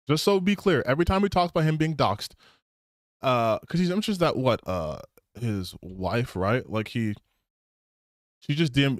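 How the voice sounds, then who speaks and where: A man's voice: mid-range voice, animated, unhurried, pauses often, dry recording, clean studio sound. A man hosting a gaming channel, giving heated, sarcastic, profane reaction commentary on a video.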